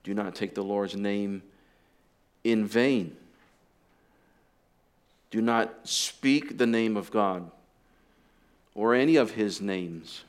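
Guy preaching a sermon real slow, lowish voice, teaching step by step with little offhand asides. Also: smooth. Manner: deliberate teaching with conversational asides. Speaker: pastor.

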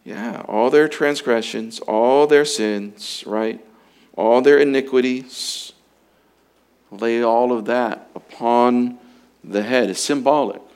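A man preaching a sermon in an earnest way, slowing and rising for emphasis, then dropping low and quiet. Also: smooth. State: emotional, fighting to get through.

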